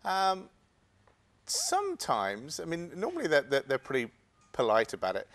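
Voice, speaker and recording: A man's voice: on the high side, wildly swooping pitch, normal speed, fairly bright tone. A man with an English accent, a guest in an interview, talking hesitantly with many stammered restarts. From England. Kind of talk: interview conversation.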